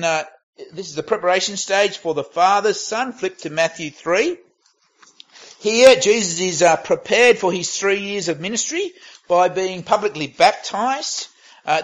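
A man preaching a sermon in a conversational way, reading scripture aloud and pausing to rephrase. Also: high-pitched. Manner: conversational, reads scripture aloud, with pauses and restarts.

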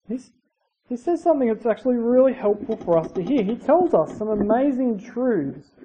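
A preacher giving a conversational sermon, using asides and rhetorical tag questions and swinging between loud emphasis and quiet, dropped phrase endings. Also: mid-range voice. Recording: dull lo-fi recording with faint hiss.

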